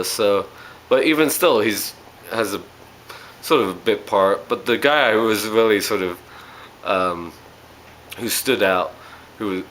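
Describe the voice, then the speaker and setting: Guy w a lowish voice doing a chatty movie review, lots of ums and uhs, kinda rambly. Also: a bit bright, a little hiss or hum, poor audio. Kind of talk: casual spoken movie review.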